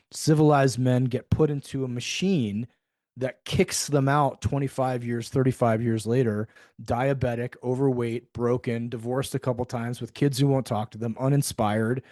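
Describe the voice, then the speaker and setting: Man, middle-aged, guest storyteller: animated, acts out dialogue, curses casually; mid-pitched, dry close-miked sound. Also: measured pace, no echo. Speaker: podcast guest. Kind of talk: storytelling in a conversational interview.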